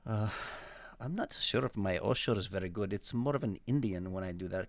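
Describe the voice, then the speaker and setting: A man co-hosting a podcast, joking in relaxed banter. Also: lowish voice, fast talker, no echo. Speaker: podcast co-host. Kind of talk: casual chat.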